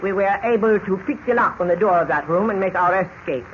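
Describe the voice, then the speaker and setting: An actor playing a menacing villain who speaks in a stiff, precise, overly polite way, in 1940s radio acting style. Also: male voice, high voice, a little fast, close to an everyday voice. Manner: stiff, formal, precise speech. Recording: dull lo-fi old radio recording with hiss.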